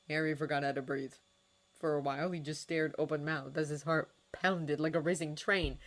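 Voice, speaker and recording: A woman narrating a fan-written story in the style of an audiobook. Her voice is low-pitched for a woman, and she tells the story at a steady pace. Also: normal speed. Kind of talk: audiobook fanfiction reading.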